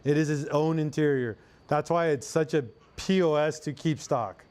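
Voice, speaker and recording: A man's voice: fairly high pitch, normal speed, a little mellow. A young man from Arkansas with a Southern US accent, chatting casually as a mechanic on a live stream and answering viewers. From Arkansas, USA. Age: young adult. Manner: loose, chatty, answers chat, drawling "y'all".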